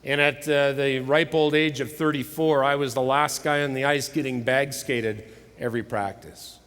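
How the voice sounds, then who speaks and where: A man's voice: mid-range voice, steady tone, normal speed, clean tone. Dramatic male speaker in a reverberant hall. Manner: dramatic storyteller, swings from loud to hushed. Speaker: conference speaker. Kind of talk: motivational sermon with storytelling. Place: large hall with live audience. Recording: live hall recording with long reverb.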